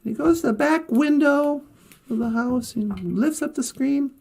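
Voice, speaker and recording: Brief: high-voiced woman with a gravelly texture, casual storyteller who chuckles often. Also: measured pace. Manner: laughs often, chatty, relaxed. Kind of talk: casual oral storytelling on a livestream.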